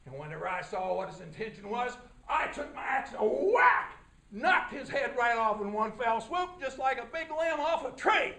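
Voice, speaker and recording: A man playing a loud, folksy woodcutter. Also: extremely high pitch, big pitch swings, moderate pace, vocal fry, a little hiss or hum, voice pushed down, exaggerated voice. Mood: boastful. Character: rough, boastful male woodcutter. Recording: echoey room.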